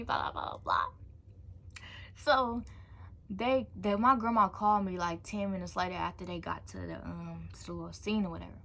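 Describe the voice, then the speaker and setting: A young woman vlogger telling a storytime in an animated, slangy way, tossing in "blah, blah" asides. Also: lowish voice, normal speed, creaky, slight background noise. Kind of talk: storytime vlog.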